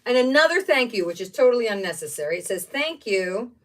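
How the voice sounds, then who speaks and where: A woman's voice: fairly high pitch, sing-song, a little fast. Chatty woman gushing over craft supplies. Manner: chatty, gushing, exclaims over each item. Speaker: craft livestream host. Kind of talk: casual livestream chat while unboxing craft supplies. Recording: voice somewhat distant from the mic.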